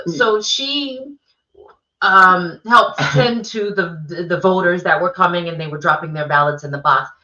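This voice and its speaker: Chatty actress co-host, bright tone, sits away from the mic in a roomy space. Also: female voice, fairly low pitch. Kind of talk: casual chat. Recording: dull, roomy, far from mic.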